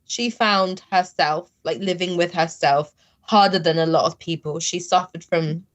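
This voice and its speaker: A woman with a slightly low voice, talking candidly as a guest in a conversational interview. She speaks in a halting, emotional way and uses a lot of filler words as she gathers her thoughts. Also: steady tone. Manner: emotional, halting, heavy use of "like".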